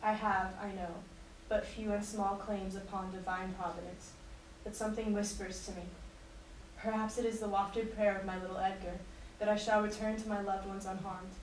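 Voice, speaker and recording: A woman giving a class presentation and a dramatic reading of a letter, in an earnest, measured delivery. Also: mid-range voice, level tone. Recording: echoey room recorded from a distance, faint noise.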